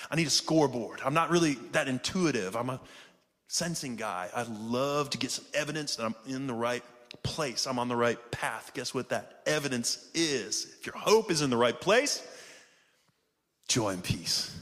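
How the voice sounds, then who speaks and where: A man's voice: mid-range voice, lively intonation, moderate pace, fairly bright tone. A man preaching a sermon with fervor, calling out to his congregation and often saying "man". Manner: fervent, calls out to the congregation, often says "man". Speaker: pastor. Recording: reverberant hall sound.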